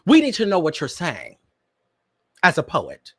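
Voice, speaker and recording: A man's voice: on the high side, wildly swooping pitch, a little slow, a bit bright, husky, dry recording, studio quality. A young man hosting a casual pop-culture commentary show, talking dramatically and laughing often. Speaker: podcast host.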